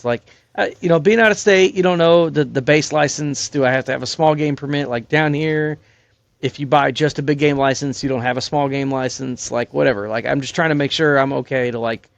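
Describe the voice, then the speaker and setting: A man's voice: medium pitch, creaky, dry recording. A young man on a podcast telling a rambling, profane hunting-camp story in casual chat. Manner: rambling and profane, many fillers. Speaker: podcast guest, hunting crew member.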